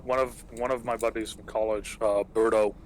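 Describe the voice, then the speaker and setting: A man's voice: lowish voice, level tone, a little fast, slight background noise, rough recording. Young man chatting, cursing freely. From England. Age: young adult. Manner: profane, rambling storyteller with many fillers. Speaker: podcast host. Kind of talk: casual chat.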